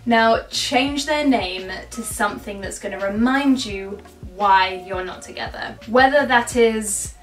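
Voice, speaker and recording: A woman's voice: fairly high pitch, unhurried, hardly any pauses. A young woman giving chatty, self-mocking advice to camera in a vlog. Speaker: vlogger. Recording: echoey room, mic at a distance, faint music.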